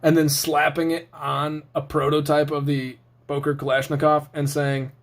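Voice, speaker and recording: A man's voice: a little high, level tone, moderate pace. A young man hosting a knife review show, talking casually with sarcastic jokes and rambling asides.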